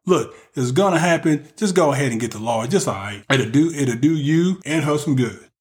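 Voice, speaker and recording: A man with a fairly high voice gives relationship tips in a loose, joking monologue. He talks straight to the men in his audience, like he is coaching them. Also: expressive, normal speed. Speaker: vlogger giving relationship advice. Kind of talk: casual advice monologue.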